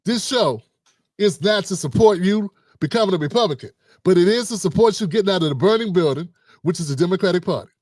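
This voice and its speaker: A man's voice: high-pitched, expressive, fast, a little mellow, dry recording, studio quality. A middle-aged man hosting a livestream, slangy and joking, talking animatedly to his viewers. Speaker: host. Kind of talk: livestream commentary.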